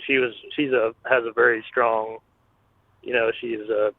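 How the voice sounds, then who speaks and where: A man's voice: mid-range voice, level tone, moderate pace, no room sound. A man calling into a radio show, speaking hesitantly and searching for his words. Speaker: caller. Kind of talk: phone-in question. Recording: tinny phone line.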